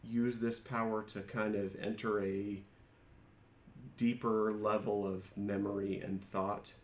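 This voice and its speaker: A man's voice: fairly low pitch, level tone, takes it slowly. Man, tabletop player, explaining, restarts, echoey room. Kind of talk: casual chat about a tabletop game.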